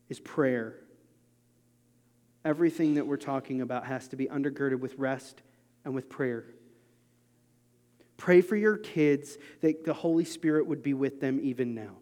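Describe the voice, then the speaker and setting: A man in his thirties preaching a sermon in an earnest, confessional way, moving between quiet asides and emphatic urging. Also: mid-range voice, unhurried, long pauses, in a large hall. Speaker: pastor.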